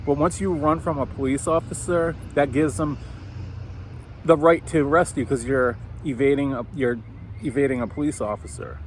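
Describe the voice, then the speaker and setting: A man casually telling a personal story over coffee, animated and swearing, acting out the voices of people he quotes. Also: medium pitch, moderate pace, slight background noise.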